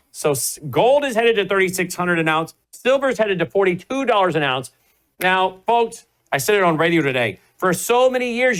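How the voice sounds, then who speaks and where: A man's voice: high-pitched, fairly bright tone, low-quality recording. A man in his fifties hosting a talk show, speaking emphatically and addressing viewers directly as folks. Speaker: host.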